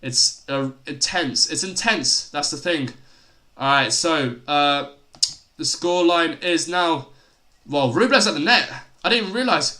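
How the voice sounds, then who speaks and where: A young man calling a tennis match live on a stream, his voice pitched high and bright. He bursts into loud exclamations at big points and talks in a loose, chatty way in between. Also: lively intonation, unhurried. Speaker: livestream tennis commentator. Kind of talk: excitable live play-by-play commentary.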